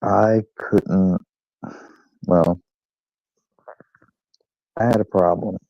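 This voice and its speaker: A man's voice: sits low, steady tone, drawn-out words, dry recording. A man hosting his own channel, telling a rambling, profane, self-deprecating story in casual chat. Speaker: channel host. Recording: dull lo-fi recording.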